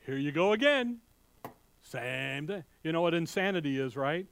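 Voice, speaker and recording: A man preaching a sermon with fiery, animated delivery, swinging between loud outbursts and hushed asides and speaking in a folksy, direct way to his congregation. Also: on the high side, moderate pace, gravelly, clean tone. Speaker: pastor.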